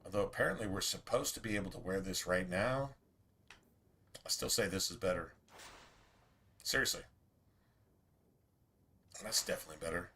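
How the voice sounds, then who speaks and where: A man's voice: sits low, lively intonation, moderate pace, long pauses, pushed and bright, slight background noise. A man streaming a video game, chatting casually in a rambling way, full of restarts and asides. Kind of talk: casual chat while streaming gameplay.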